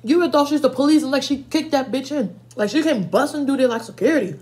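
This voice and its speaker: Young woman vlogger, higher voice, animated and profane, chatty storyteller who talks straight to her viewers. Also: fast talker. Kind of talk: casual storytime while eating.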